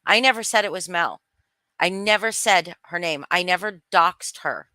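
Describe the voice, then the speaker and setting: Bright-voiced woman ranting on a livestream. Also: lowish voice, normal speed, dry recording. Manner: blunt, swearing, greeting chat viewers. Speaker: livestream host. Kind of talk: heated livestream commentary.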